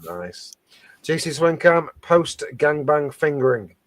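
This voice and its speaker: Male co-host, higher-leaning voice, dry close sound, chatty and giggly reading comments. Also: very animated, slow, no echo. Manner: chatty, laughs often, reads comments aloud. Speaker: co-host reading out viewer captions. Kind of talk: casual live-stream banter.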